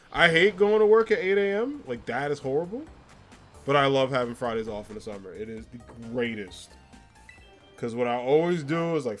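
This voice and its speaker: A man streaming a video game, chatting casually with his viewers, rambling with lots of fillers and frequent laughs while he answers their comments. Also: medium pitch. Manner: reads viewer comments aloud and answers them. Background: faint game music.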